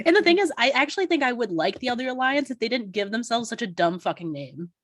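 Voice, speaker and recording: A woman's voice: on the high side, lively intonation, fast talker, fairly bright tone, no echo, clean studio sound. A young woman co-hosting a casual TV recap chat, swearing freely and laughing often. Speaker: podcast co-host.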